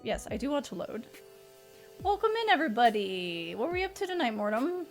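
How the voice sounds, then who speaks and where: A woman streaming a horror visual novel, reading its journal entries aloud in a subdued voice and chatting warmly with her viewers. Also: a little high, very animated, brisk, soft background music.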